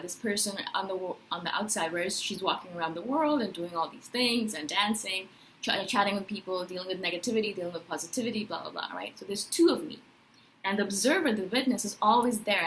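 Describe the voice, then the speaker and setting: A woman in her thirties talking in a personal spiritual vlog, animated and emphatic, often checking in with "right?". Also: mid-range voice, fairly quick, slight background noise, rough recording. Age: 30s. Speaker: vlogger.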